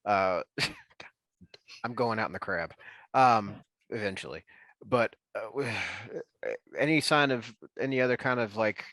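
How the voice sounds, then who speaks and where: A man's voice: fairly low pitch, slow pace, fairly bright tone, no echo. Cautious, rambling male player. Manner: cautious, hedging, rambling in character. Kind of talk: tabletop role-play chat.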